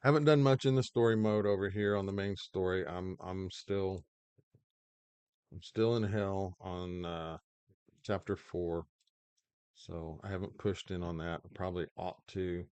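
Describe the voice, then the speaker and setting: A man's voice: low-pitched, steady tone, a little slow, darkish tone, clear, resonant tone, dry recording. A man hosting his own gaming channel, rambling through mobile game commentary with lots of fillers and restarts. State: hiccups.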